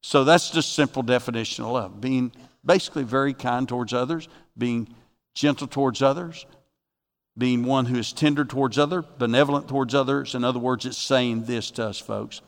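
A man preaching a sermon as pastor, folksy, moving from quiet asides to emphatic bursts. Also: mid-range voice, fairly quick, vocal fry. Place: church sanctuary. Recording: long reverb of a church hall.

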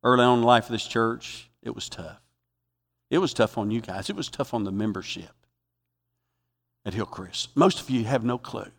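A man preaching a sermon as a pastor, emphatic and repetitive, swinging from loud exhortation to quiet reflection. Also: medium pitch, moderate pace, pauses often, in a large hall. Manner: repeats phrases for emphasis.

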